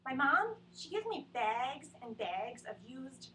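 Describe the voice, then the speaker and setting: A woman comic rambles through an anxious, self-deprecating stand-up set in a high voice with lively swings of pitch. Her voice is bright, and the webcam sits far off in a roomy studio. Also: takes it slowly, slight background noise. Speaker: stand-up comedian. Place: small TV studio. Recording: roomy sound from a distant webcam mic.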